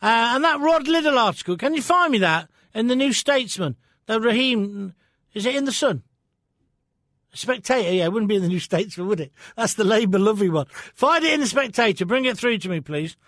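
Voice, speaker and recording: A blunt, opinionated man runs a phone-in radio show from the studio. His voice sits very high for a man. The studio sound is dry and close. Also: animated, fairly quick, fairly bright tone, no echo. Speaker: radio talk show host.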